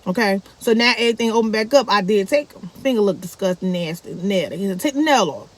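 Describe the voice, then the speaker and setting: Animated woman telling a family story. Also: fast talker. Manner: animated, acts out quoted speech with big pitch jumps. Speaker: vlogger. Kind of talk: casual storytelling to viewers.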